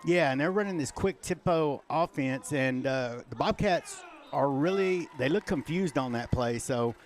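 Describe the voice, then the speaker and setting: A man with a Texan accent giving relaxed, conversational color commentary on a high school football game. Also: measured pace.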